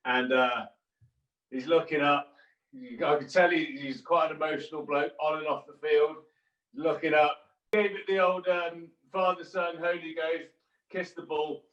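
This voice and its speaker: A man's voice: a little high, steady tone, measured pace, a bit bright, roomy sound, distant mic, lo-fi sound. A man guest on a podcast, chatting and joking matily through cricket stories. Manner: chatty, jokey, matey storytelling. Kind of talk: casual anecdote telling.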